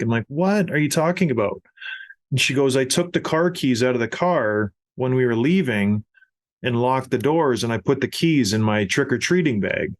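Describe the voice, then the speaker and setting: A middle-aged man hosting a podcast, telling a family story in a casual, animated way with laughs. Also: medium pitch, normal speed. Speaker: podcast host.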